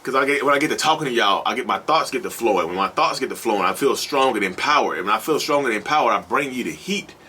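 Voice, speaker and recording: A man's voice: mid-range voice, lively intonation, quick pace, hardly any pauses, bright, forceful tone, a little hiss or hum. A man hosting a channel, talking straight to his viewers in a preachy, repetitive monologue and calling them y'all. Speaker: host of a channel on toxic relationships. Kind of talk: animated casual monologue to viewers.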